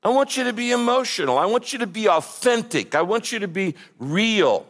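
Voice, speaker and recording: A man's voice: high voice, lively intonation, brisk, a bit bright, faint music behind, voice pushed up. A man voicing God as an earnest male deity who pleads for heartfelt prayer, in an echoey hall.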